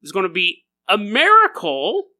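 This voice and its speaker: A man hosting a podcast, telling stories in a goofy, animated comedic monologue and often laughing as he talks. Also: high-pitched, a little slow. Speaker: podcast host.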